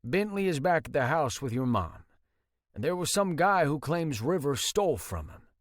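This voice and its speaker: A man voicing a concerned father who calmly explains bad news. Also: fairly high pitch, normal speed, dry recording, clean studio sound, voice pushed up. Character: concerned older rancher father.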